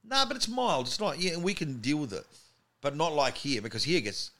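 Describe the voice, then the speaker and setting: Aussie guy on a podcast, bright forceful voice, a bit high, animated storyteller. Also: normal speed. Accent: Australian. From Australia. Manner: animated storyteller who acts out quotes. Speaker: podcast guest. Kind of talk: casual chat. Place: podcast studio.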